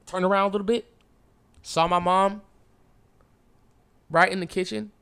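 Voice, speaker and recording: A young man tells a personal story on his podcast in loose, casual speech. He talks slangy and swears often, and he acts out what people said. His voice sits a little higher than most men's. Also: a little slow, vocal fry, clean tone. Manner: animated, swearing, slangy, acts out past dialogue. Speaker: podcast host.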